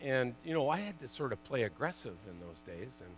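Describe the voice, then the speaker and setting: A man in his sixties, a former pro hockey player, telling lively stories to an audience, full of "you know" and "like" and laughing at his own tales. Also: medium pitch, fairly quick, a little hiss or hum, poor audio. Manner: chatty, lots of "you know" and "like". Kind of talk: storytelling talk to an audience.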